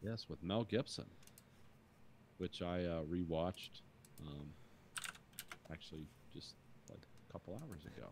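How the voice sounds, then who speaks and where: A man's voice: low-pitched, a little slow, long pauses, background noise. A man co-hosting a podcast, chatting casually and rambling about a movie with some swearing. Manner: laid-back, rambling, profane. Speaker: podcast co-host.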